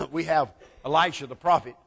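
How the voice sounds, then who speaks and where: Preacher in a reverberant hall. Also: male voice, on the high side, moderate pace, gravelly, breathy edge. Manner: dramatic storytelling preaching, acting out quotes, swinging loud to soft. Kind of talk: sermon.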